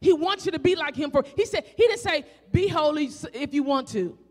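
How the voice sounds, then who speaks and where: A woman preacher with a Southern country accent, delivering a fervent sermon full of rhetorical questions, rising to shouts and drawing out scripture as she reads. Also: high voice, lively intonation, brisk. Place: church sanctuary. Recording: echoey church hall.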